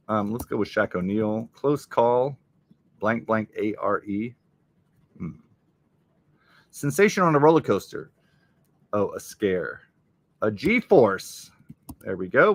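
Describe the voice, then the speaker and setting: A man with a voice on the low side, a bit bright, hosts a casual live stream where he solves a crossword. He reads the clues aloud and mutters his guesses as he works.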